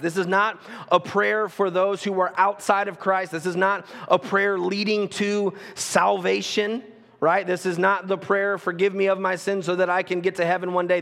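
A man's voice: sits high, vocal fry, long reverb tail. A pastor giving a sermon, telling family stories in a conversational manner that corrects itself as he goes. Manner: conversational, self-correcting, animated storytelling. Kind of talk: sermon with personal storytelling.

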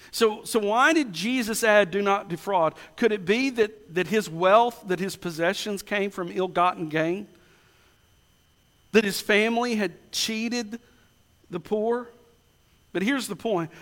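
A man preaching a sermon, asking rhetorical questions and slowing down to stress key words. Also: high voice, fairly bright tone. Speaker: pastor. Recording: long hall reverb.

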